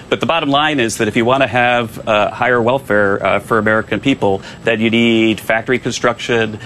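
Low-voiced male official, filler-heavy data talk, faint rumble. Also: a bit bright. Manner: talks fast with many uh fillers, defends with data. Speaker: government economic adviser. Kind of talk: TV interview.

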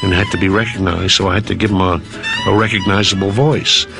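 A man's voice: low-pitched, steady tone, quick pace, vocal fry. A man, a voice actor, telling anecdotes in an archival interview and demonstrating voices. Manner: storytelling, slips into character voices. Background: music.

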